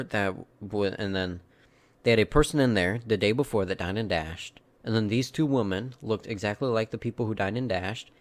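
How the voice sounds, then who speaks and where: A man hosting a casual video commentary, talking through clips in an opinionated way and mimicking the people he quotes. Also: fairly low pitch. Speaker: commentary host.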